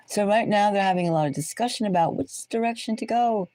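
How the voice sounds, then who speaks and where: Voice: mid-range voice, animated, darkish tone, low-quality recording. Wry tarot reader with whispered asides. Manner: halting, restarts words often. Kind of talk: casual tarot reading commentary.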